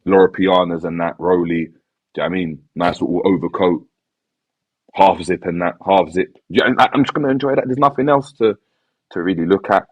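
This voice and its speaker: Deep husky laid-back man. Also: brisk, dry recording, low-quality recording. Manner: laid-back, resigned, heavy slang, repeats phrases. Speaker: football fan panelist. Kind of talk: casual podcast chat.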